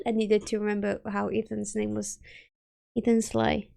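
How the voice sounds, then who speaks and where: A woman's voice: on the high side, expressive, moderate pace, creaky, fairly bright tone. A woman streamer chatting casually and giggling as she reads chat aloud from her home setup.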